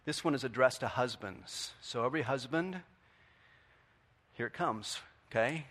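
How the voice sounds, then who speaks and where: A middle-aged man preaching a sermon in a conversational way, asking the congregation questions and swinging from quiet to loud. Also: mid-range voice, animated, measured pace. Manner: conversational, asks the audience questions. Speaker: pastor.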